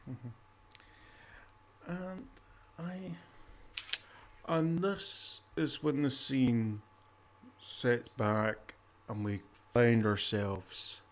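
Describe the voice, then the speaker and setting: Acting as game master for a tabletop game, a man with a mid-range voice narrates in a relaxed, halting way.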